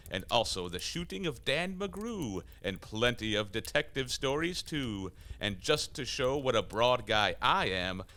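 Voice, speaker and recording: A man's voice: fairly low pitch, sharp tone, exaggerated voice. A man voicing a scheming devil assassin sent from hell in a rhyming radio play, theatrical and boastful. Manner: theatrical, boastful, swings between bluster and wonder.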